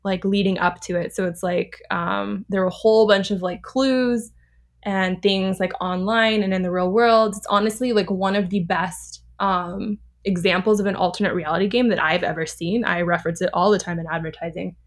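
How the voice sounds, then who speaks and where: Brief: thirties woman from Southern California, podcast guest, mid-pitched, chatty storyteller, laughs a lot, loose and animated delivery. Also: normal speed. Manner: chatty, animated, laughs often, many fillers. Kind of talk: casual storytelling.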